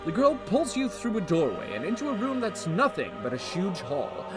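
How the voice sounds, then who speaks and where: A man streaming himself reading an AI text adventure aloud, with animated comic asides. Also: high-pitched, normal speed, over music. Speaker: streamer reading an AI story game.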